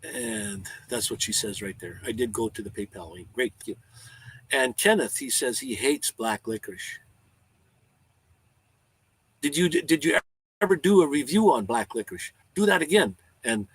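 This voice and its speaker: A man's voice: medium pitch, a bit bright, breathy edge, no echo, low-quality recording. A man hosting a casual live-stream chat, talking in a rambling, heartfelt way with frequent restarts and stammers.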